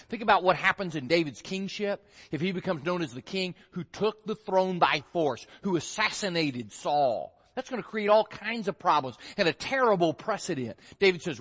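Man, preacher, animated expository sermon, higher-pitched, big echoing church hall. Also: normal speed. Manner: animated, acts out voices of the story. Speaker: pastor. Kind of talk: expository sermon reading and explaining scripture. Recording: long hall reverb.

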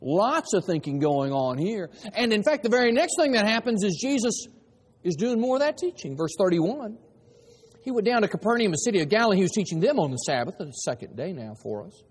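High-voiced man preaching in a reverberant hall. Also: sing-song, brisk, slightly rough. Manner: emphatic, varied delivery with dramatized voices. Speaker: pastor. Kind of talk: sermon.

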